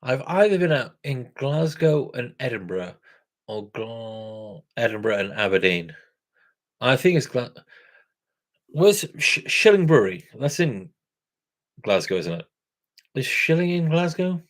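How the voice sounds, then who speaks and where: A man's voice: mid-range voice, big pitch swings, unhurried, long pauses. A man hosting a craft beer channel, chatting casually and rambling, correcting himself and chuckling as he goes. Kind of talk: casual rambling chat with viewers.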